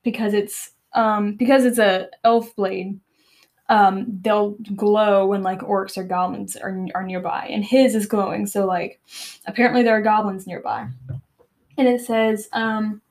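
A woman hosts a book podcast, chatting loosely through the story with lots of fillers and little laughs. She slips into reading passages aloud in a plain, mid-pitched voice. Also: steady tone, unhurried, darkish tone. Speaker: podcast host. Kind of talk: casual retelling and reading aloud of a novel.

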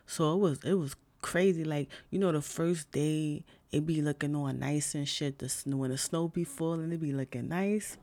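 Young new woman venting, gravelly fry in her voice, cussing nonstop, lots of fillers. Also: sits low, steady tone, moderate pace, few pauses, a little mellow. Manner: blunt, heavy swearing, lots of fillers. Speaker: vlogger. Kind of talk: casual rant to camera.

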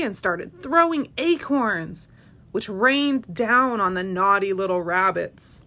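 On her family podcast, a woman who is a parent reads a children's picture book aloud with plenty of animation and expression, using a medium pitch and a slow pace.

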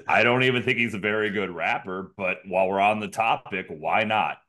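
Deep-voiced man bantering bluntly. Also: fairly quick, bright, forceful tone. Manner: blunt, joking, swears freely. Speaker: podcast co-host. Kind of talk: casual chat.

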